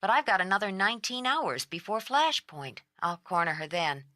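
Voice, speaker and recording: A woman voicing an exhausted, sharp-tongued woman on the phone who has not slept, talking in a blunt, clipped way. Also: mid-range voice, very animated, normal speed, no room sound, clean studio sound, pitched above the performer's own voice. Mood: weary. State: strung out from no sleep.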